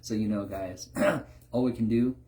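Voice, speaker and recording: A man's voice: on the low side, fairly even intonation, unhurried, a little mellow, lightly acted. A man doing a smug jaded comedian. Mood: mocking. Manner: mocking, laughing falsely. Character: smug jaded male comedian, mock-cheerful.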